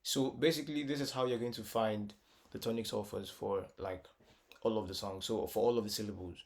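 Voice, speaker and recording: A man teaches music casually, musing aloud, repeating words and trying out notes with short sung solfa syllables while guitar is clearly heard underneath. His voice is fairly low and fairly even in intonation, a little fast.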